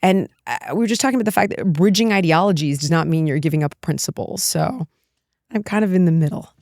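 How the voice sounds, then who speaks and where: A woman's voice: lowish voice, quick pace, darkish tone, no echo, studio quality. A middle-aged woman from the United States, a guest speaking candidly and emphatically in an interview, often breaking into laughter. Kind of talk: candid political talk.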